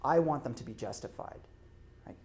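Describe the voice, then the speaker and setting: A man's voice: medium pitch, normal speed, darkish tone. A middle-aged man, a law professor, giving a conversational public lecture and often checking in with his audience. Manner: conversational, checks in with frequent "right?". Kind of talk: academic lecture.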